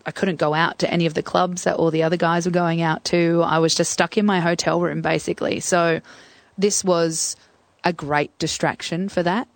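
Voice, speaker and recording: A woman's voice: on the low side, steady tone, normal speed, no echo. A young Australian woman telling her story candidly in an interview, hesitant and full of fillers. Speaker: guest.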